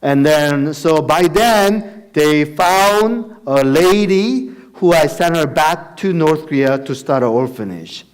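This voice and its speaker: A man's voice: fairly high pitch, lively intonation, slow pace, hardly any pauses, smooth. A man giving a personal testimony as a missionary speaker in a church, telling his story with acted-out dialogue and frequent laughter. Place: church sanctuary.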